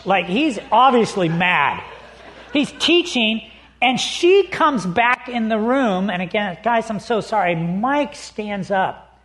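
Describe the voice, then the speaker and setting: A man preaching as a pastor, telling a personal story with humor and acting out the people in it before reading scripture. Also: high voice. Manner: lively storyteller, acts out quotes, laughs easily.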